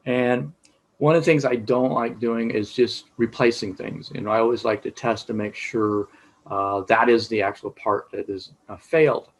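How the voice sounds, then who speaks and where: Rambling middle-aged auto instructor. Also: male voice, medium pitch, steady tone, normal speed, low-quality recording. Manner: rambling, many fillers and restarts. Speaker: automotive instructor. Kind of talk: casual teaching talk.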